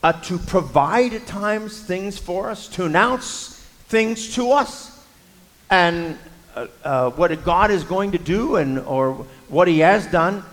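A man's voice: high voice, animated, slow pace, fairly bright tone. A man preaching a sermon, telling a Bible story in a conversational way with frequent fillers and voiced quotes. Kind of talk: sermon with scripture reading. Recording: long hall reverb.

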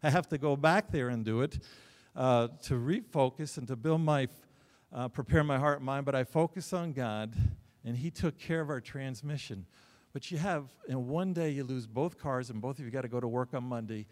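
A middle-aged male pastor delivering a sermon, telling stories with sudden loud bursts and joking asides. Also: mid-range voice, normal speed. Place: church sanctuary. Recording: long hall reverb.

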